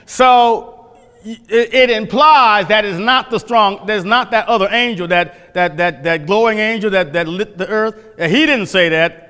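A man's voice: high-pitched, moderate pace, bright, forceful tone, smooth. A male pastor teaching a sermon from scripture, emphatic, repeating phrases and quizzing the congregation. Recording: long hall reverb.

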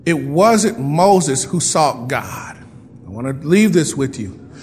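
Male pastor, high voice, animated sermon delivery with playful asides, church hall reverb. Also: takes it slowly. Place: church sanctuary.

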